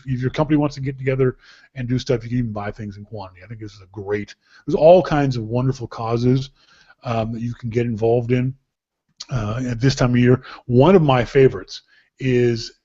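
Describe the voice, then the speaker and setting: Joking, animated man host, lo-fi sound. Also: medium pitch. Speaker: podcast host. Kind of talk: casual gift-guide chat.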